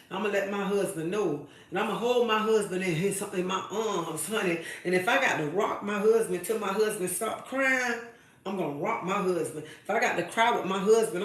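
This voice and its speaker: A woman's voice: mid-range voice, recorded from a distance. A woman hosting a live stream and giving women emphatic, preachy advice, repeating her phrases for weight. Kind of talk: impassioned advice monologue to women. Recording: very echoey room, away from the mic.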